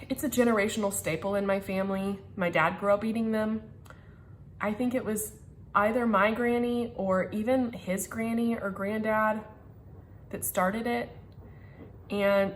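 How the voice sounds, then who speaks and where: A young woman chatting casually to her handheld camera at home, excitable and a little stuffy from a sinus infection, with laughs and whispered asides. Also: a little high, a little hiss or hum. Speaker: vlogger. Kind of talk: casual vlog chat to camera. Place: at home, in a house. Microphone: handheld camera filming herself.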